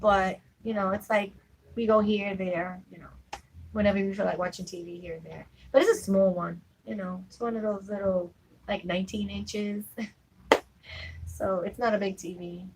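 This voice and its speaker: A woman's voice: medium pitch, steady tone, normal speed, background noise. A young adult woman chatting casually with viewers on a live stream, full of fillers and asides. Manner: chatty, fillers like "you know what I'm saying".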